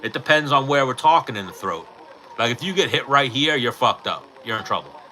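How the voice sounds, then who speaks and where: A middle-aged man with a very bright, sharp voice chats casually on a livestream, spinning animated stories and swearing freely as he acts out the people in them. He talks into his own mic, with a faint hiss of noise underneath. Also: medium pitch, a little fast, poor audio. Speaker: livestream host. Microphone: personal mic.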